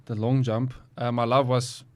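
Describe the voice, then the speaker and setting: A man's voice: medium pitch, little pitch movement, moderate pace, darkish tone. A young man, a guest athlete talking casually and hesitantly with many ums. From South Africa. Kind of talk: casual interview chat.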